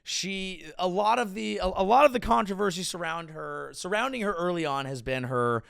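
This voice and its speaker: A man's voice: high-pitched, normal speed, gravelly, clear, resonant tone. A man hosting a comedic podcast, ranting with sarcastic, mocking riffs. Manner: sarcastic, mocking, lively riffing. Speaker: comedian and host.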